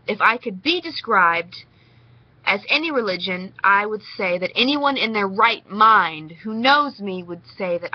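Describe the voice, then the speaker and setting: A young vlogger from Nashville, Tennessee, with a Southern accent and a mid-range voice rambles casually straight to the camera in a response vlog. The audio is dull.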